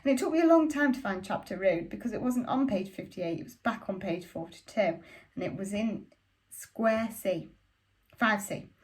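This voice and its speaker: Woman, audiobook-style reading, measured delivery, mid-pitched voice, slows on numbers and addresses. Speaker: audiobook reader. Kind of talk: first-person novel reading.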